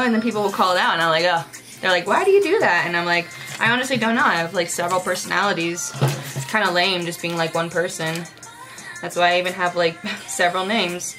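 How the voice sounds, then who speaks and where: A woman's voice: on the low side, pushed and bright. A young woman vlogger chatting casually while doing her makeup, rambling and reflective, with lots of filler words. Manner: rambling, reflective, heavy use of "like".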